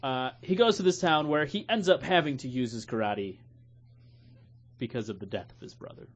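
A man's voice: mid-range voice, animated, moderate pace. Man hosting a casual podcast. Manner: laughing, loose banter with restarts. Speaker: podcast host.

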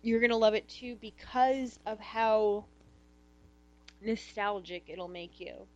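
A woman's voice: medium pitch, takes it slowly, highs cut off. A woman co-hosting a casual podcast, joking at her own expense and swearing freely. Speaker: podcast co-host. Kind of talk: casual chat.

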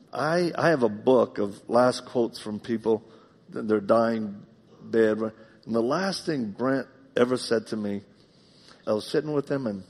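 A man preaches live in a church sanctuary, his voice husky and edged with gravelly fry. He tells personal stories heartfelt, swinging from loud emphatic bursts down to hushed confiding tones. A long hall reverb trails behind every phrase. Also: mid-range voice. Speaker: pastor. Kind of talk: live sermon with personal storytelling.

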